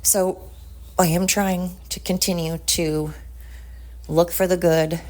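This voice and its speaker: A woman's voice: lowish voice, little pitch movement, takes it slowly, darkish tone. A woman hosting a podcast, talking in a heated, blunt rant and swearing often. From United States. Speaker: podcast host. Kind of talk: casual ranting monologue.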